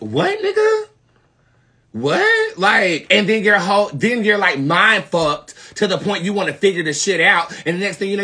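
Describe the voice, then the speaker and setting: A young man from North Carolina with a Southern accent, hosting a live tarot reading stream and talking to viewers in a sassy, profane way that swings from loud to muttered asides. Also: a little high, husky. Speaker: tarot reader, live show host.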